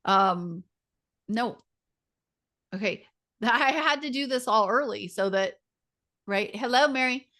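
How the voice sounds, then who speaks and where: A woman's voice: on the high side, takes it slowly, long pauses, pushed and bright. A woman leading a community group on a video call, talking casually and animatedly, often mimicking other people's voices.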